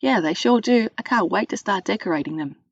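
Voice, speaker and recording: A woman reading a storybook voicing an excitable young boy who talks eagerly. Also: medium pitch, brisk, creaky, dry recording, muffled recording. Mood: excited.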